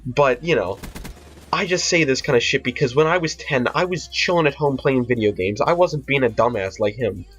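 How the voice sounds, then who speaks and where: A teenage boy tells a rambling, profane story in casual vlog style, with steady fillers and restarts. His voice sits at a medium pitch. The audio is dull and lo-fi with faint music underneath. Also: moderate pace, husky. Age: teens. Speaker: vlogger.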